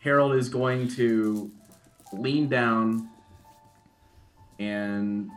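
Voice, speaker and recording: A man's voice: medium pitch, drawn-out words, faint music behind. A man playing a character in a tabletop game, describing his moves hesitantly with many fillers. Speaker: player.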